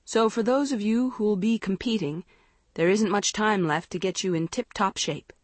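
A woman's voice: mid-range voice, normal speed, no room sound, voice pushed up, lightly acted. A woman narrator voicing a female swim coach who gives orders with dry teasing humor. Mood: brisk. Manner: commanding, joking.

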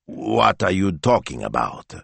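A harried middle-aged shopkeeper answers with weary sarcasm, his voice pushed up and drawn out, as a male narrator acts him. It is a dry, close audiobook read with a lively, swooping pitch. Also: a little slow, gravelly, no echo, full character voice. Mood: exasperated. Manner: exasperated and sarcastic.

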